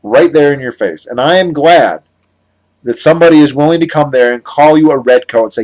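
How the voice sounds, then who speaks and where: A man's voice: fairly high pitch, a little fast, a little mellow. Heated American man ranting to camera. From United States. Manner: heated, sarcastic, rambling with restarts. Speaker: political commentator. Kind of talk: ranting monologue vlog.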